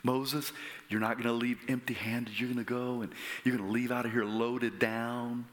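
A preacher voicing a folksy, encouraging God. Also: male voice, medium pitch, level tone, moderate pace, a bit bright, voice pushed down, close to an everyday voice. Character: God, a patient, encouraging male voice.

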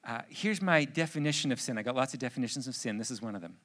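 A man's voice: mid-range voice, lively intonation, brisk, hardly any pauses, a bit bright. A middle-aged Canadian man preaching a sermon in a conversational, humorous way that builds to emphatic urgency. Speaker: pastor.

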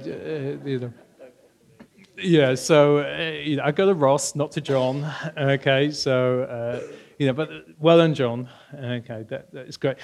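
Animated man preaching a sermon. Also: a little high. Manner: conversational, anecdotal, many restarts; animated, raises voice for emphasis. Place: church hall.

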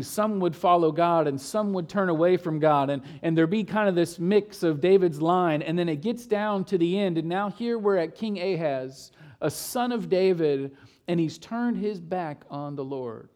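A man preaching a sermon in a conversational storytelling way, asking the congregation rhetorical questions and moving between hushed and emphatic delivery. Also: sits high. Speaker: pastor.

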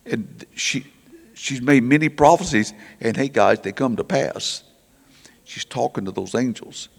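An older man tells revival stories in a folksy, homespun sermon, stumbling over his words and voicing the people he quotes. His voice is gravelly, sits in a middle pitch, and rings out in a large, reverberant church hall. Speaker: preacher telling revival stories.

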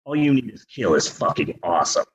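A man co-hosting a comedy movie-review podcast, talking in a profane, sarcastic, animated way. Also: lowish voice, a little fast, rough recording. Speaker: podcast co-host.

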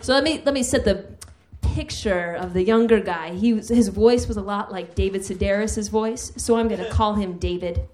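A woman's voice: medium pitch, normal speed, hardly any pauses, darkish tone. Wry woman reading a comic essay. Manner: wry, building to mock-outraged tirades. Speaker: host and writer reading her essay. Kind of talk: live comedic essay reading.

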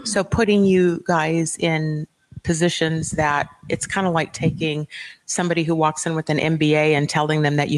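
A woman's voice: low voice, low-quality recording. A middle-aged woman hosts the show, interviewing guests in a direct, opinionated way. She speaks plainly and gets straight to her questions. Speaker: host.

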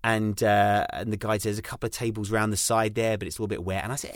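A man's voice: on the low side, rapid-fire, hardly any pauses, no room sound, clean studio sound. A British man co-hosting a casual podcast chat. He tells stories with energy and acts out the voices of the people in them. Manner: animated storyteller, acts out voices. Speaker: podcast co-host.

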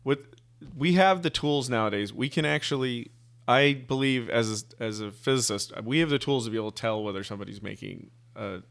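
A man's voice: medium pitch, brisk, vocal fry. A man, a physicist guest, explaining his views in a thoughtful, hesitant way with many fillers. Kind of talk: casual conversation.

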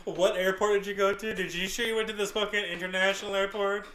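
A man's voice sits a little high as he banters crudely, mocking and laughing often. The room is echoey, and a steady noise runs underneath. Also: fast talker. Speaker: podcast co-host.

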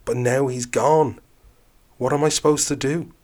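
A man's voice: mid-range voice, fairly even intonation, unhurried, darkish tone, close to an everyday voice. A grief-stricken chieftain from an old legend, his voice rising and breaking as he pleads, played by a man telling the tale. He stumbles over his words in his sorrow. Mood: grieving. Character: grieving grown man, a chieftain who owns a great hound.

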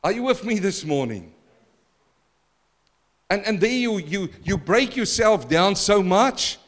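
A man preaching a sermon as pastor, swinging from quiet stretches to loud emphatic swells and calling on the congregation. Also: sits high, very animated, slow. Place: church.

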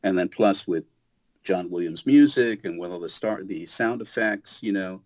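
Male voice actor, low voice, casual chatty guest, restarts often. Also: normal speed. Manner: animated storyteller, many restarts. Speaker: voice actor and audiobook narrator, guest. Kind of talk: casual interview chat. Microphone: home studio booth.

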